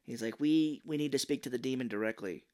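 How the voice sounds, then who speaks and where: Fast-talking and medium-pitched, a male podcast co-host runs through a movie plot in a casual, animated way. He voices the characters' lines and swears without holding back.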